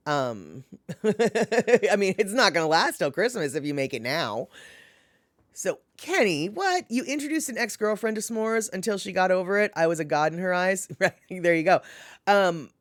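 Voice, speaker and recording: A casual, talkative woman hosting a live stream and answering her chat. Her pitch swoops up and down as she rambles and laughs. The sound is dry, with no room echo. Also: moderate pace. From Washington state. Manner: animated, chatty, laughs often, lots of fillers. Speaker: livestream host reading chat.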